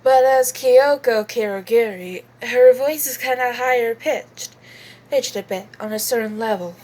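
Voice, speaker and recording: A fairly high, slightly mellow voice belongs to a channel host who talks unhurriedly. In a casual voice-acting demo, she chats about how she voices game characters, hesitant and giggling often, with plenty of fillers.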